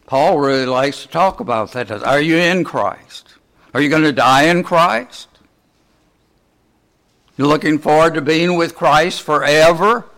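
Male preacher, slightly high voice, slow measured delivery, rhetorical questions. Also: fairly bright tone. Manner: asks the congregation many rhetorical questions. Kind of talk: sermon.

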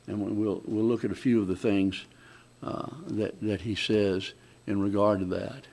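A man preaching a conversational sermon, often restarting his sentences and swinging between loud emphatic lines and quiet asides. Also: fairly low pitch, level tone, moderate pace, gravelly.

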